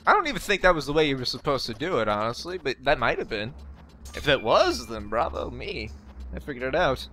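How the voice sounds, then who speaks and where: A young man on a facecam desk mic gives let's play commentary in a very animated, brisk, mid-range voice that's bright and forceful. Game music plays underneath as he jokes casually, responds to the game, and swears here and there.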